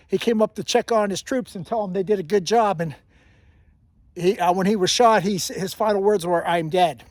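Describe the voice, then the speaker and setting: A hiking vlogger with a high, slightly mellow voice talks fairly quickly as he walks a mountain trail, chatting casually about history to a handheld camera. He rambles as a storyteller and keeps correcting himself, and the recording is dry.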